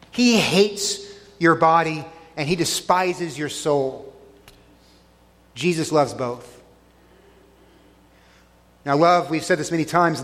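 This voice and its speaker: A man preaching a sermon, earnest and emphatic, slowing down to stress key phrases. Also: a little high, fairly bright tone, big-room sound. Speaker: pastor.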